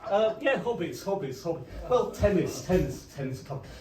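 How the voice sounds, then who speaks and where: Older guy doing deadpan pub standup, high lively voice, echoey room heard from back. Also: moderate pace. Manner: deadpan one-liners, rambling asides. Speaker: comedian. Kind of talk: stand-up comedy with comic songs. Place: live comedy venue, pub. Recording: roomy live gig recording from a distance. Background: guitar accompaniment.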